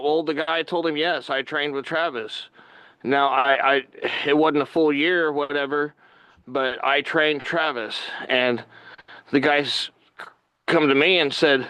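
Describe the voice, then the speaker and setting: Male podcast guest, high voice, animated storyteller who acts out quotes. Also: a little slow, clean tone, rough recording. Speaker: guest wrestler.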